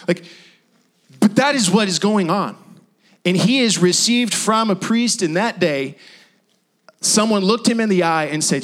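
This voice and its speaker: A male pastor preaching a sermon in an emphatic, repetitive style with dramatic pauses. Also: high-pitched, lively intonation, a bit bright.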